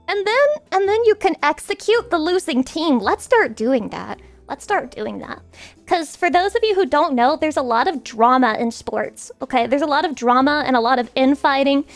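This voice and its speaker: A woman streamer chatting casually on a livestream, animated and swearing as she rants jokingly. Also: high voice.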